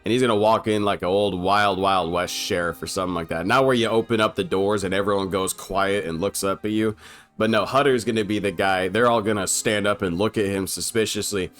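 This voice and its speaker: A young film commentator riffs comedically over an old movie, swearing freely and laughing at his own jokes in a loose, unscripted style. His lowish, slightly bright voice moves fairly quickly with fairly even intonation, over soft background music.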